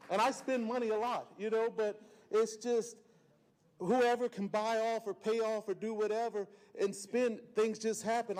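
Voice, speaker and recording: High-voiced emotional man. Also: a little mellow. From South Carolina Lowcountry. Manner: emotional, blunt, folksy, with many fillers and restarts. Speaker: resident giving public comment. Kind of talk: impassioned public comment. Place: county meeting chamber.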